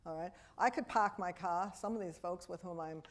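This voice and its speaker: Brief: middle-aged woman, New York accent, lower pitch, animated wry lecturer who talks straight to the audience. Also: normal speed. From Brooklyn, New York. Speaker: speech and language pathologist giving a parenting talk. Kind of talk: lively public lecture to an audience. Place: auditorium before a live audience.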